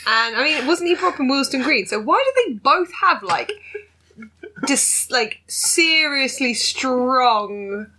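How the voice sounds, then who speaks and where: A woman asks puzzled questions in a comedy chat. Her voice sits a little high and sounds bright and forceful. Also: big pitch swings, slow pace.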